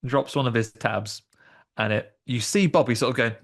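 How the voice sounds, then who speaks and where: On a laid-back film review podcast, a co-host with a mid-range, fairly bright voice speaks at normal speed. He keeps things jokey, acting out the movie's lines in silly voices.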